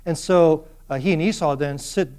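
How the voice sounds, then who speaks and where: A man with a high speaking voice lectures a university class. He is animated and keeps drawing the students in with questions. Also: moderate pace, clear, resonant tone.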